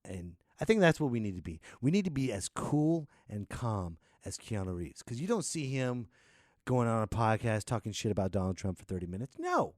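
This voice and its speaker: Animated comedic podcast host, a man. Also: on the low side, moderate pace, dry recording, clean studio sound. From United States. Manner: animated, laughs often, slips into voices. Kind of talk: comedic solo rant.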